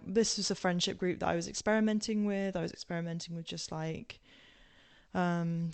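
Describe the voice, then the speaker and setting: A woman's voice: lowish voice, creaky. A young English woman with a posh southern English accent, telling her story casually with many ums, tangents and laughs. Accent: southern English, now posh-sounding. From England. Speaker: podcast guest.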